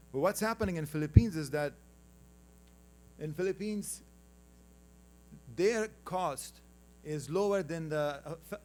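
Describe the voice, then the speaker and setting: On a slightly noisy recording, an Afghan-accented man from Afghanistan talks in a fairly high, somewhat dark voice. As a conference panel speaker, he presents slides conversationally, jokes with and teases the crowd, and asks for the next slides.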